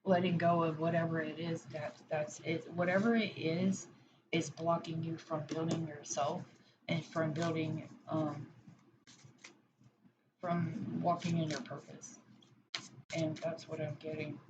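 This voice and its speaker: A woman giving a pick-a-pile oracle card reading, speaking in a gentle, reassuring way with frequent hesitations. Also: sits low, level tone, unhurried. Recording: dull lo-fi sound with background noise.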